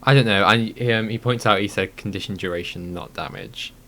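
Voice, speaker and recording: A man's voice: on the low side, a little fast, creaky, sharp tone, slight background noise. A man co-hosting a casual gaming podcast who thinks aloud, hedging with frequent ums. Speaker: podcast co-host.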